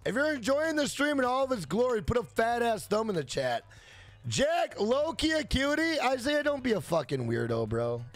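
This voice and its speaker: A young man streaming a game, loud and brash, yelling and swearing as he answers his chat. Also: extremely high pitch, very animated, normal speed, faint music behind. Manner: loud, yells to be heard; brash and profane, reads chat aloud. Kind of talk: casual live-stream chat.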